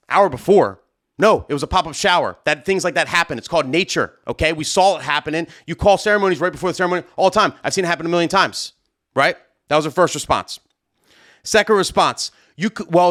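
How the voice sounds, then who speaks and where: A young man, a wedding DJ, recounting a run-in with a venue manager in a casual vlog. He talks loud and lively, his voice jumping high when he gets worked up. The pitch sits a little high for a man. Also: a little fast. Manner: animated, loud and heated, acting out both sides of an argument.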